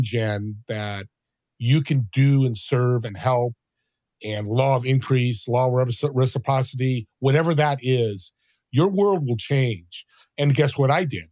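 A man in his sixties, a podcast guest telling stories in a lively conversational way and acting out the voices of people he quotes. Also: mid-range voice, no echo, clean studio sound. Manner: animated, acts out quoted voices. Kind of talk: conversational storytelling.

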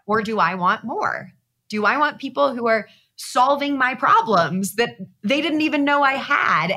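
A woman guest on a podcast, telling a personal story in a casual, animated way and acting out her own past thoughts. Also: a little high.

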